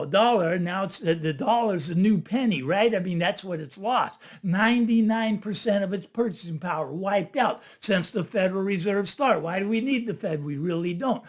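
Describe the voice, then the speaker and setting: A man hosting his own finance channel, talking to camera in a casual, animated monologue and tagging his points with "right?". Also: high voice. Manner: animated, chatty, keeps asking "right?". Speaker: finance video host.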